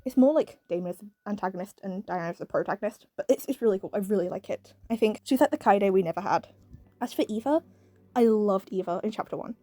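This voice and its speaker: A British woman talks at a rapid clip in a casual, rambling review, filling gaps with "um" and "like" and laughing often. Her tone is soft and mellow, and the sound is close and dry. Faint music plays underneath. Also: medium pitch, no echo. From Britain. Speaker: video reviewer.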